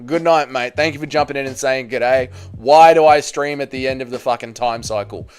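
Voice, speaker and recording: A man's voice: mid-range voice, a little fast, clean tone, soft background music. A man with an Australian accent hosting a live stream, reading chat aloud, swearing freely and teasing his viewers.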